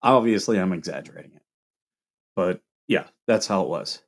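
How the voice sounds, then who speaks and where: Speaking fast and expressively in a deep voice, this livestream host from Toledo, Ohio chats casually with his viewers. He has a Midwestern accent and tends to ramble, responding to whatever comes up in chat.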